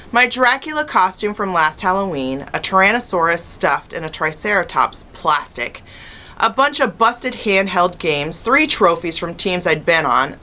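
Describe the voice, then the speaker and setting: A woman teacher reading a children's chapter book aloud with expressive first-person narration. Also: on the low side. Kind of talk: storybook read-aloud.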